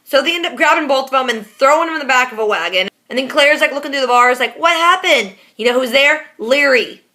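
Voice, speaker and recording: Woman vlogger recapping a tv episode, kinda high voice, bright, sassy and slangy. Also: quick pace. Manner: sarcastic, playful, talks back at the screen. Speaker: reaction vlogger.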